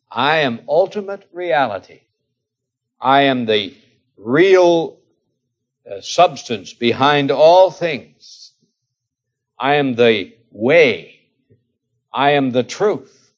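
Slow, emphatic preacher man, lo-fi. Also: mid-range voice. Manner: slow, emphatic preaching with dramatic pauses and dropping to quiet asides. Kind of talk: sermon. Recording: dull, lo-fi older recording.

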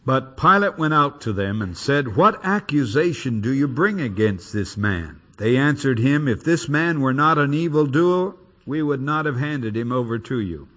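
A man's voice: mid-range voice, normal speed, hardly any pauses. A man preaching an expository sermon, reading and explaining scripture with emphatic, dramatic delivery. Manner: lively, emphatic Bible reading with dramatic quotes.

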